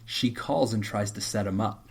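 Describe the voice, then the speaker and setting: A man's voice: on the low side, normal speed, vocal fry, breathy edge. A middle-aged man, a therapist co-hosting a podcast, telling a story in casual chat and acting out the voices of the people in it. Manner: animated storyteller who acts out quotes.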